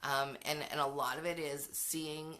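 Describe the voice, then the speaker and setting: A woman's voice: sits low, little pitch movement, a little slow, pushed and bright. A middle-aged woman hosting a parenting show, giving frank, chatty advice in a casual talk with many fillers and restarts.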